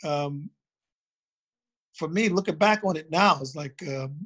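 A man's voice: on the high side, unhurried, fairly bright tone. A man from Baltimore, a drummer and guest in a casual interview, telling stories in a loose, rambling way full of "you know". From Baltimore, United States.

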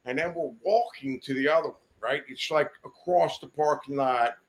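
A man's voice: a little high, normal speed. A man telling a long, rambling anecdote as a guest in a podcast studio, swearing freely and breaking into laughter as he goes. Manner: swears often, rambling, laughs mid-story. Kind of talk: profane anecdotal storytelling.

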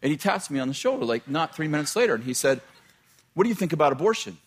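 A man's voice: fairly high pitch, lively intonation, a little fast, long pauses, a bit bright, husky. A middle-aged man, a pastor, telling a personal story in a sermon, chatty and laughing at his own jokes, often breaking off mid-sentence.

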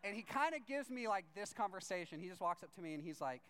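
High, smooth-voiced man telling a comic story. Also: fast talker. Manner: animated, self-deprecating, jumps into excited shouts when acting out his own reactions.

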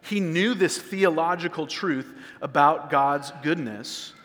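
A man's voice: on the high side, slow pace, a bit bright, big-room sound. A male pastor preaching a sermon in a conversational way, often repeating words as he restarts a phrase. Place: church sanctuary.

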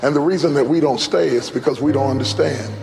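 High voiced preacher guy doing a singsongy sermon, calls out to the crowd a lot. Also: quick pace, gravelly, over music. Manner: rhythmic sing-song preaching with call-outs to the crowd.

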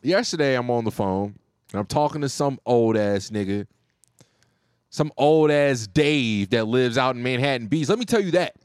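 A man telling a profane, joking story about his telemarketing job, animated and casual. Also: mid-range voice, normal speed, clear, resonant tone, dry recording, studio quality.

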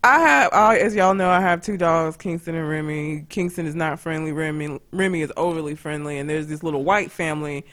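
A woman chatting on a podcast. She tells a story in an animated, profane way and laughs often. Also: low-pitched, fairly quick, few pauses. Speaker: podcast co-host. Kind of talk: casual chat, storytelling.

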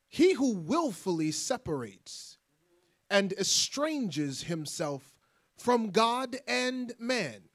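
A woman reads scripture aloud during a church service. She goes slowly and deliberately, letting her mid-pitched voice rise and fall widely across each phrase. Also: very animated. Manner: slow, measured, deliberate reading. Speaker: teacher reading scripture. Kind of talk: scripture reading in a sermon.

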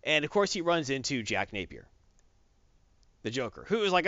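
A man co-hosting a casual podcast chat, telling a comic story in an animated way and acting out the quotes. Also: medium pitch, moderate pace, pauses often, no room sound, lo-fi sound. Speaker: podcast co-host recapping comics.

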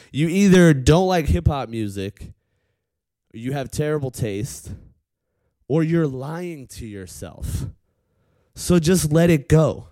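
A man's voice: a little high, normal speed, no echo. A man delivering a profane comedic rant, often stopping with a pointed "okay?". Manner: animated, profane, heckles the audience with repeated "okay?".

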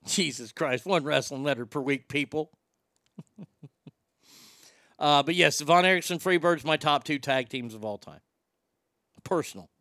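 A man's voice: on the high side, fairly bright tone, smooth, dry recording, studio quality. A man hosting a podcast in a casual, rambling style, emotional and swearing freely. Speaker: podcast host. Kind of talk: casual chat.

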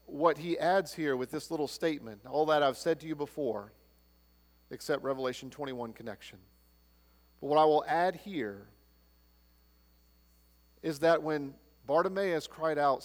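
Guy pastor preaching, goes loud then real quiet, kinda high voice, long echo like a church hall. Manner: swings between loud proclaiming and hushed low lines. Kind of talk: sermon.

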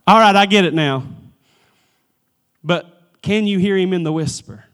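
A man preaching a church sermon, swinging from emphatic pleading to hushed, near-whispered lines and often repeating the first word of a phrase. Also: sits high, unhurried, clear, resonant tone. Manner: repeats words at starts of phrases. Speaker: pastor.

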